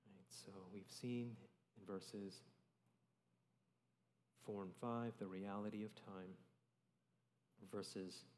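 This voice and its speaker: A young man preaches a sermon conversationally, reading and explaining scripture while repeatedly checking in with "right?" His voice sits on the low side and is a little mellow. The long reverb of a large hall surrounds him.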